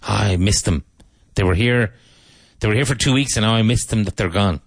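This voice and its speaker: A man teaching English vocabulary, saying each word slowly, repeating it and spelling it out, with tips on pronunciation. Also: lowish voice, no room sound. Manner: slow, deliberate, repeats and spells out words.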